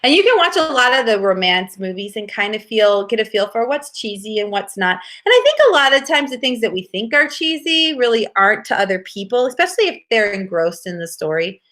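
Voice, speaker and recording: A woman's voice: fairly high pitch, very animated, fairly quick, hardly any pauses, fairly bright tone. A woman co-hosting a casual chat about writing, enthusiastic and repeating words for emphasis. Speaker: podcast co-host, author.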